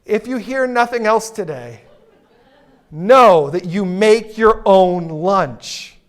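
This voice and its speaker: A middle-aged man giving a humorous keynote talk, telling stories and acting out the people in them with big swings in his voice. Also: slow pace. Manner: animated, acts out characters in stories; lively, dramatic pitch swings. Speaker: keynote speaker.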